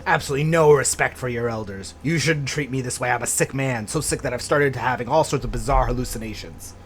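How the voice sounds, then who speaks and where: A man's voice: medium pitch, fast, a little hiss or hum, close to an everyday voice. A man voicing a grumpy, nearsighted, sickly old man in a video game who complains crotchetily about children and disrespect.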